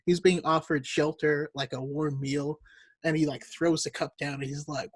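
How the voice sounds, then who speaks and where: A man with a fairly high voice chats on a podcast in a relaxed, reflective way. His voice sounds dry and close, with no room sound around it. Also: normal speed, no echo. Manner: relaxed, reflective, laughs easily. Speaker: podcast co-host. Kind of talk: casual chat.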